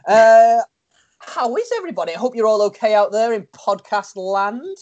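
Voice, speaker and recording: Chatty Liverpool man with a high voice. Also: expressive, normal speed, a little mellow, lo-fi sound. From Liverpool, England. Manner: upbeat, chatty, stumbles and restarts. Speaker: podcast co-host. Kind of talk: casual podcast chat.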